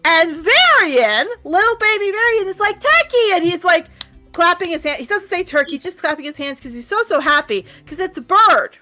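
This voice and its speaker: Woman game master, high voice, bright tone, faint music behind. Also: normal speed. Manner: animated, laughing storyteller. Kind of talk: narrating a tabletop game with character voices.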